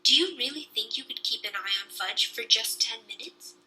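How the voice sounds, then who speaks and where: A woman's voice: a little high, normal speed, bright, forceful tone, low-quality recording. Woman doing a flustered mother. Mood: hurried.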